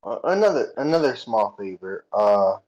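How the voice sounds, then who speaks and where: A man's voice: on the low side, sing-song, normal speed, a little mellow, lo-fi sound. A man playing a character in a tabletop game, stammering and repeating words as he talks. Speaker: player.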